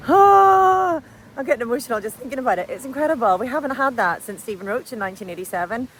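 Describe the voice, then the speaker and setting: A woman's voice: a little high, lively intonation, very fast, slight background noise. An Irish woman in her forties, a cycling broadcaster, talking candidly to viewers while out riding her bike and firing off questions at them. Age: 40s. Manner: chatty, candid, asks viewers lots of questions. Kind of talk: casual vlog while riding. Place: outdoors on a bike ride.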